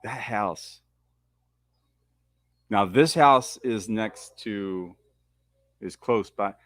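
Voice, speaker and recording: A man hosting a live movie commentary, riffing excitedly and swearing as he reacts. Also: lowish voice, extremely slow. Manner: excitable, profane fan riffing.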